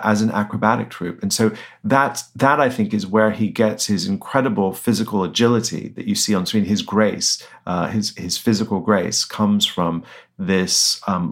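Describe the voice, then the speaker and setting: Male author guest, somewhat low voice, halting and hesitant, restarts often. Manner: hesitant, many fillers and restarts, chuckles. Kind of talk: interview answers.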